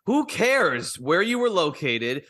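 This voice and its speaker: A man's voice: a little high, sing-song, takes it slowly, bright, forceful tone. A man co-hosting a comedy podcast, ranting sarcastically and building up jokes. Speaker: podcast co-host. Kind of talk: casual comedic chat.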